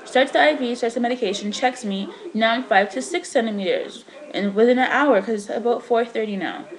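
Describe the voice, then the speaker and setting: A young woman in a casual vlog, telling a personal story in a chatty, animated way with lots of filler words. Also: a little high, a little fast, low-quality recording. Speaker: vlogger.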